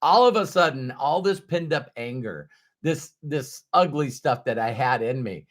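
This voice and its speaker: A man's voice: mid-range voice, a little slow. Candid middle-aged man telling a personal story. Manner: candid, animated, with sudden loud bursts. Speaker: motivational speaker.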